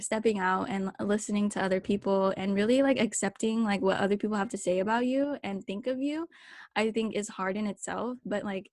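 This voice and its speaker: Young female podcast co-host, animated storyteller, dry close sound. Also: mid-range voice, no room sound. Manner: animated storytelling, many fillers. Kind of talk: casual chat.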